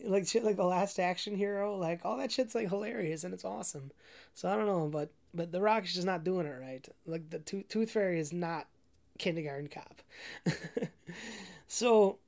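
A woman with a fairly low voice rambling through a casual, profane movie rant. She piles up "like" fillers and restarts as she talks. She breaks into frequent laughs along the way. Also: moderate pace, creaky, a little mellow.

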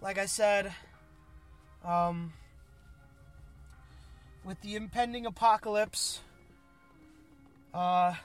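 A man's voice: high voice, steady tone, extremely slow, pauses often, smooth, faint music behind. Rambling, profane man driving. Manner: rambling, profane, self-deprecating. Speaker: podcast host. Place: inside a car while driving.

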